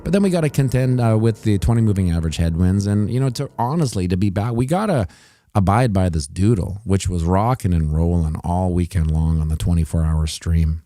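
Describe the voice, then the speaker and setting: A man's voice: sits low, lively intonation, fairly quick, dark tone, dry recording, faint music behind. A man hosting a casual livestream, rambling and joking through market commentary with many restarts. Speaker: host of a crypto price livestream. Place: home setup with TVs.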